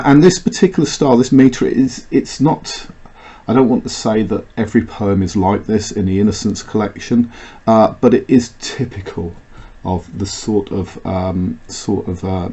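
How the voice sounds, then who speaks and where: A male English teacher talks his class through a poem in a recorded lesson, with a fairly low voice. He pauses often on "uh" fillers and restarts his sentences as he explains. The sound is dull and lo-fi. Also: darkish tone, husky. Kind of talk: recorded lecture.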